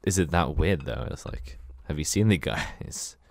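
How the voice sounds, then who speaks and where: A man's voice: a bass voice, expressive, moderate pace, creaky, dry recording. A man co-hosting a podcast in casual, joking chat, laughing often and swearing freely. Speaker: podcast co-host.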